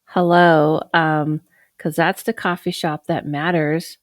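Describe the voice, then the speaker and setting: Middle-aged woman host, lower-pitched voice, chatty rambling delivery full of fillers and asides. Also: flat delivery, takes it slowly, dry recording. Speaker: psychic medium, channel host. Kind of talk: casual chat to camera.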